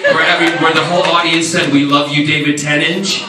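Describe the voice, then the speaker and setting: A man's voice: fairly high pitch, fairly quick. A man answering fan questions as a convention panel guest, telling camp comic stories with lots of laughter. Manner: animated, laughing, camp storyteller. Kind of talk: comic storytelling to a crowd. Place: large convention hall. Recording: echoey hall from far off, loud crowd and noise.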